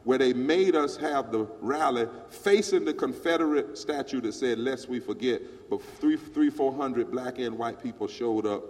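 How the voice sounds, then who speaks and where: A man's voice: mid-range voice, big-room sound. A man who is a pastor, telling a story on stage into a handheld mic with an emphatic preaching cadence.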